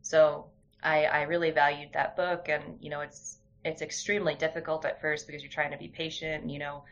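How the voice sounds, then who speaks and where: A woman's voice: deep voice, little pitch movement, brisk. A young woman talking candidly in a casual conversation, telling stories with frequent restarts. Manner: candid, storytelling, many restarts. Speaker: guest. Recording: dull lo-fi sound.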